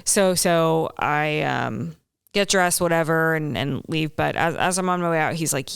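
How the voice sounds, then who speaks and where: A woman's voice: deep voice, unhurried, gravelly, clear, resonant tone, no room sound, clean studio sound. A young woman hosting a podcast, telling a personal story in a candid, rambling way, swearing freely and acting out her own thoughts. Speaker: podcast host.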